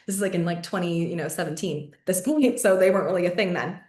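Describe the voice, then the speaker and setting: A young adult woman hosting a podcast, telling a personal story in casual chat, heavy on fillers, swearing and quick laughs. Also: fairly low pitch, darkish tone, roomy sound. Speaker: podcast host.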